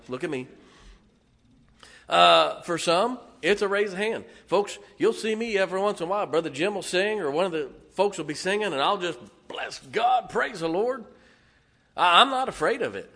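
A man preaching a sermon as pastor, animated, throwing rhetorical questions and "amen?" at his congregation with homely humor. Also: high-pitched, brisk.

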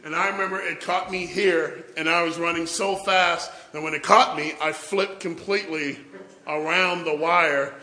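A man telling lively stories in a tribute to his pastor at a church service, acting out the quotes and laughing along. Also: a little high, normal speed. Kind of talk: anecdotal storytelling speech.

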